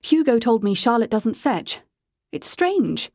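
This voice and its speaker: A woman reading the part of a formal, courteous young English gentleman from the 1920s in an audiobook. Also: on the high side, very animated, measured pace, vocal fry, no echo, clean studio sound, exaggerated voice. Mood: politely curious.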